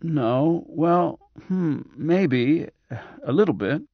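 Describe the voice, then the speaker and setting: A man voicing a frail, bedridden cyborg man who speaks in a weak, reedy whisper, slow and hesitant, with a resentful edge. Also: fairly high pitch, slightly rough, no room sound, phone-quality sound, pitched above the performer's own voice, exaggerated voice.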